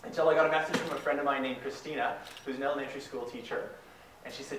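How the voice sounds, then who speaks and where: A man's voice: mid-range voice, steady tone, rapid-fire, a bit bright, a little hiss or hum. A young man from Canada giving an enthusiastic guest talk, telling a story with acted-out quotes. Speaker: guest speaker. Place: large hall. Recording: echoey hall, mic far off, faint ambience.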